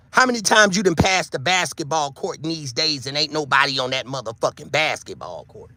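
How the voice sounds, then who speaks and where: A man, preaching to his online viewers in a loose monologue, swearing freely and shouting for emphasis. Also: a little high, lively intonation, brisk, few pauses, dry recording. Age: 50s. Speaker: online show host.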